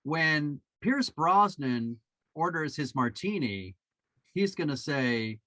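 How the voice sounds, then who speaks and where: Male podcast co-host, animated and bright-toned, probing questions, dry close sound. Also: a little high, slow pace, no echo, poor audio. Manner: probing, keeps asking questions. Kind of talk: casual film discussion.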